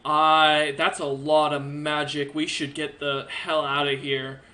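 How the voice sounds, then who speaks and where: A man's voice: fairly high pitch, monotone, slow, bright, forceful tone. A man doing a panicky soldier officer bailing out. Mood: exasperated. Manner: blunt, exasperated.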